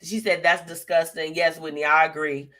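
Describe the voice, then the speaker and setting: Bright-voiced, sassy woman live-stream host. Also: low-pitched, little pitch movement, moderate pace. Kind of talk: casual live-stream chat reading viewer comments.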